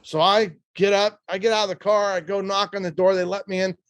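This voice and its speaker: A man in his sixties with a fairly high voice tells a personal story as a podcast guest. He is animated and quick, and he often restarts his sentences. The sound is dry, with no room around it. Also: dry recording.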